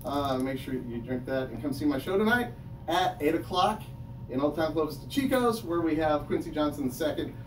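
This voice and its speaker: A man's voice: on the high side, animated, brisk. A man performing a crude stand-up comedy set, laughing at his own jokes between filler words. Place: small comedy room with audience. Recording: echoey room, mic at a distance, noisy. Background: audience laughter and chatter.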